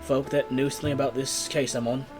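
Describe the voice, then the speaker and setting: A man's voice: medium pitch, flat delivery, fast talker, close to an everyday voice. A man voicing a determined male investigator in a tabletop game, speaking in an earnest, persistent way. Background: guitar music.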